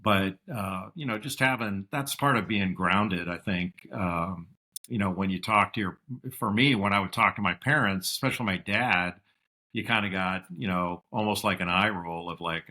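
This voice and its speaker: A middle-aged man telling stories as a podcast guest, reflective, and lively when he quotes his father. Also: sits low, moderate pace. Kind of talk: casual interview storytelling.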